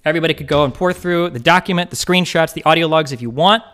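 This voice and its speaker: A man streaming a heated rebuttal, talking fast and emphatically with frequent swearing. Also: fairly high pitch, fairly bright tone, clear, resonant tone.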